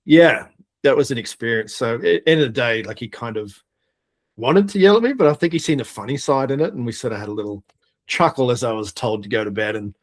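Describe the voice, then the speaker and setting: A middle-aged man from Australia tells an animated story, peppered with swearing and laughter. His voice sits at an ordinary middle pitch. He talks casually as a podcast guest. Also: a little fast. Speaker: podcast guest, air force veteran.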